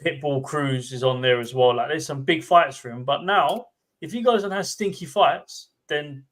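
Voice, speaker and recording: A man co-hosting a casual boxing chat show, animated, ranting and repeating himself. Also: on the high side, moderate pace. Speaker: co-host.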